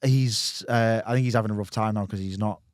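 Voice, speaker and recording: A man's voice: fairly low pitch, fairly even intonation, fairly quick, no room sound. A man, chatting casually as a podcast guest, rambling with many restarts and fillers.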